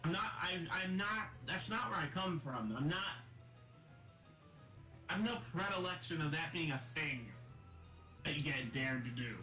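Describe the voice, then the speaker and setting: A man's voice: a little high, lively intonation, normal speed, pauses often, bright, forceful tone. A man chatting casually with friends, teasing and often restarting his sentences. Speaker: friend on stream. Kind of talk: casual chat. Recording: echoey room with music.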